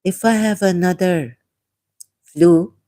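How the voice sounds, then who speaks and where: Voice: mid-range voice, expressive, takes it slowly, a little mellow. A vlogger, not a native English speaker, reading an article aloud with rambling commentary, hesitant and self-correcting with frequent small laughs, sore from a recent cough. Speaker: ex-Muslim vlogger.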